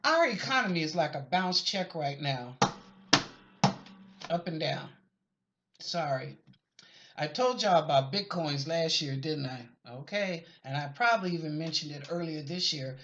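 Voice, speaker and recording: A woman's voice: deep voice, lively intonation, measured pace, fairly bright tone, slight background noise. Chatty psychic woman, lo-fi recording. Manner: chatty, rambling, apologetic asides. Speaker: psychic reader answering viewer questions. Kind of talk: casual spoken reading of questions. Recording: lo-fi dull recording.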